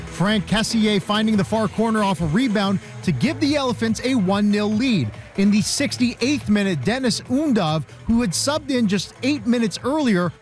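A man delivering a scripted sports news report in a brisk, polished way. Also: high-pitched.

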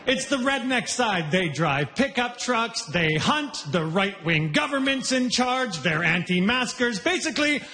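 A stand-up comedian with a very high, very animated voice performs a brash, conversational set, working the crowd on a comedy festival stage as the live audience laughs. He is unhurried yet leaves hardly any pauses, his tone pushed and bright, in the reverberant sound of a live hall show.

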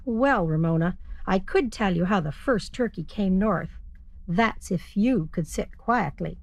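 A woman storyteller narrating a children's story in an animated, expressive manner. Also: medium pitch, unhurried, no room sound.

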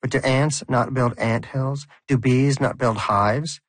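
A man's voice: mid-range voice, steady tone, dry recording, voice pushed up. A man voicing a devout, preachy male pet hamster who speaks in a solemn, sermonizing way over background music. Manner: solemn, sermonizing, slow and emphatic.

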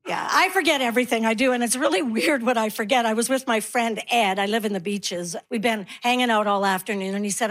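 A woman in her sixties performs stand-up comedy with a sassy, brisk delivery. Her voice sits high for a woman, and she slips into quoted lines to land her jokes. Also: a bit bright. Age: 60s.

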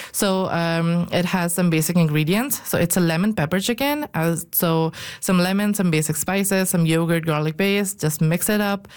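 A woman from Pakistan, a guest cook on a radio show, explaining her food with many pauses and fillers. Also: lowish voice, clear, resonant tone. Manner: hesitant, many fillers, laughs often. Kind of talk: radio interview.

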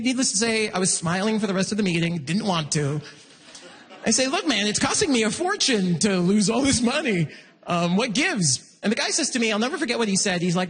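Stand-up comic, male, high and lively delivery, slightly husky, big reverberant room. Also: fairly quick. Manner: animated, self-mocking, jumps into loud high act-outs. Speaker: stand-up comedian. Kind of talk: stand-up comedy set. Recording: long reverb of a hall.

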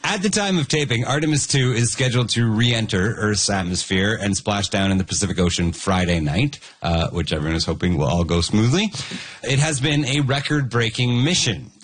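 A man's voice: fairly low pitch, lively intonation, fairly quick, slightly rough. A man hosting a comedy news quiz, joking and reading out headlines. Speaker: quiz show host.

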